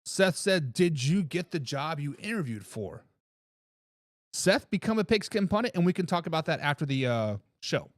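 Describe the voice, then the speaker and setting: A man hosting a sports talk live stream, reading viewer comments and joking back at them in an excitable way. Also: a little high, normal speed, dry recording, clean studio sound. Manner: excitable, laughs and repeats himself, teases commenters. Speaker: sports talk show host.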